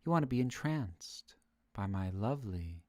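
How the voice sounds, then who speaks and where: A man putting on a low, soft, close-mic voice as a mock ASMR host in whispered role-play. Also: expressive, moderate pace, no echo, natural voice. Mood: mock soothing.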